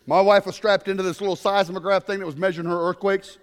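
A man preaching a humorous sermon to a congregation, telling stories in an animated way with bursts of shouting. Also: high-pitched, fast, big-room sound. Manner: animated storytelling with comic shouted outbursts. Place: congregation in a room.

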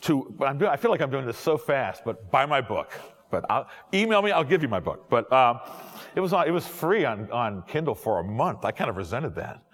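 Animated middle-aged male pastor preaching. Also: medium pitch, moderate pace, big-room sound. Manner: animated preaching, jokes and asides. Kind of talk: sermon to young adults.

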